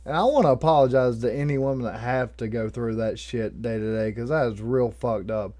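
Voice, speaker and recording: A young man narrating a comedic true story in a jokey, profane, animated way, swinging between loud and soft. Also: mid-range voice, brisk. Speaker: storyteller and channel host.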